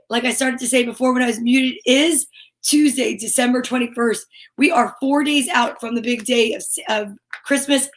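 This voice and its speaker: Bubbly high-voiced woman hosting story time. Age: middle-aged. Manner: bubbly, animated, reads out viewer comments and names. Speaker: children's story time host. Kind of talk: lively live-stream talk to children.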